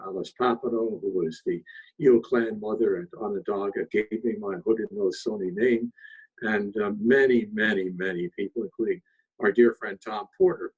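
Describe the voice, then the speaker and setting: An older man, a writer and storyteller in a longhouse, speaking in a reflective and unhurried way about the elders who taught him. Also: fairly low pitch, a little mellow, husky, dull audio.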